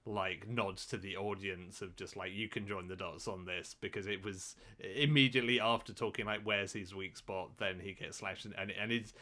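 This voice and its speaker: Man, casual podcast co-host, lower pitch, bright tone, restarts his words, says "like" a lot. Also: fairly even intonation, moderate pace, hardly any pauses. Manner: stammering restarts, frequent "like".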